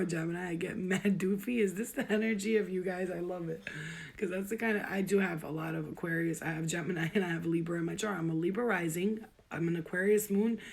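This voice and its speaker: A woman's voice: lowish voice, vocal fry, a little mellow. A young woman casually teaching astrology in a livestream from her room at home, joking, giggling and swearing freely. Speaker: astrology vlogger. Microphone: phone. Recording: echoey home room with faint noise.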